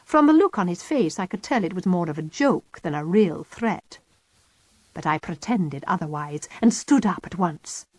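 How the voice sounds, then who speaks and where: A woman narrating an audiobook in a wry, lively storytelling manner. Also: lowish voice, normal speed, no echo. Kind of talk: scripted narration.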